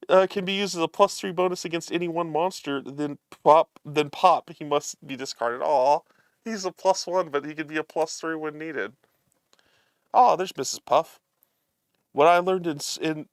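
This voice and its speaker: A man's voice: fairly high pitch, normal speed, no echo, clean studio sound. A man hosting a live show, chatting casually as he unboxes a card game and reads the cards aloud, amused and chuckling often.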